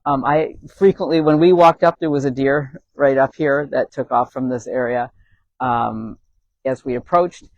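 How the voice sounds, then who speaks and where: A man's voice: mid-range voice, steady tone, moderate pace, dry recording, lo-fi sound. A man founder of an animal sanctuary telling a story outdoors on a hilltop, casually and with many fillers and chuckles. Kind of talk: casual storytelling on a walking tour.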